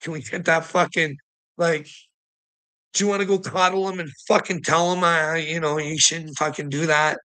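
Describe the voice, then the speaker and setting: A man's voice: on the high side, flat delivery, moderate pace, sharp tone, low-quality recording. A man streamer giving a rambling, profane, exasperated rant to his viewers in a casual livestream.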